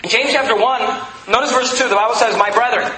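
High, bright-voiced male pastor preaching. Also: fast talker, a little hiss or hum. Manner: conversational preaching with rhetorical questions and asides. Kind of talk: sermon. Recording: echoey room with faint ambience.

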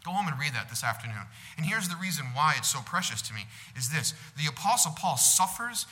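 A man preaching a sermon in a bright, cutting voice that sits a little high for a man. He is earnest, rising to loud peaks and sinking to quiet stretches. The sound rings out with a long hall echo. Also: expressive, a little fast, hardly any pauses. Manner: earnest preaching, swells louder on God's love and drops soft on comfort. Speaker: pastor. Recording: echoing hall.

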